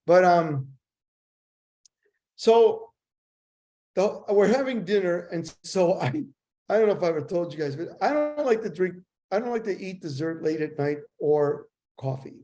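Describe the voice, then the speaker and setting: An older man, a guest in an interview, telling animated stories and acting out the dialogue. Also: high-pitched, measured pace. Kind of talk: storytelling interview.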